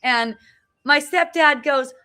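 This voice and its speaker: An earnest middle-aged woman talks casually on a live phone video, circling back over her own phrases and checking in with "right?" Her voice sits a little high and rings bright and forceful. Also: takes it slowly, faint music behind. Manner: earnest, repeats phrases, frequent tag "right?". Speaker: spiritual talk host. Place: outdoors at a beach.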